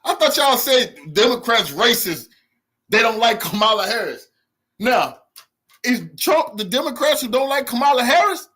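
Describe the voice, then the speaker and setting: A man with a high, bright voice that swings widely in pitch. He talks back to news clips in a heated, mocking, profane way and laughs often. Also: expressive, normal speed. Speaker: commentary channel host.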